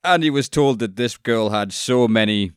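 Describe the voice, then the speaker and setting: A man's voice: mid-range voice, moderate pace, smooth, dry recording, clean studio sound. A man co-hosting a podcast, talking bluntly and swearing, explaining his points in casual chat. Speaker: podcast co-host.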